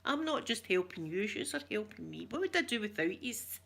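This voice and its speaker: A middle-aged Scottish woman speaks briskly in a sing-song, creaky, slightly bright mid-range voice. She is an ASMR livestreamer going through viewer comments, chatting casually, rambling, laughing a lot and greeting viewers by name.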